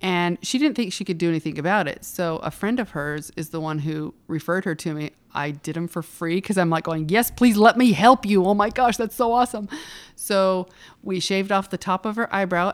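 A bubbly woman with a fairly low voice talks about her brow work in a casual interview. She tells stories animatedly and laughs often. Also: brisk, smooth. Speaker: interview guest, brow studio owner.

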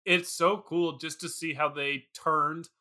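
A man's voice: on the high side, steady tone, takes it slowly, pushed and bright. A man co-hosting a podcast, gushing enthusiastically about a movie and laughing often. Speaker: podcast co-host. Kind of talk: casual movie chat.

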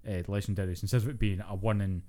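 A man co-hosting a casual gaming podcast, chatting quickly about his play-throughs and laughing between points. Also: lowish voice, steady tone, warm tone. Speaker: podcast co-host.

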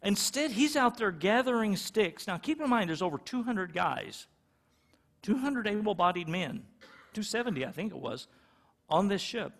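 Middle-aged guy preaching, kinda high voice, chatty, does little voices for the people in his stories. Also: big pitch swings, normal speed, creaky, fairly bright tone. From California. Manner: conversational, acts out little quoted exchanges. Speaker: pastor. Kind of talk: sermon.

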